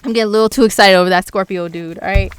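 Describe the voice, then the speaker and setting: A young woman astrologer chatting casually about the week's horoscope in an excitable, slangy way. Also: medium pitch, very fast, smooth.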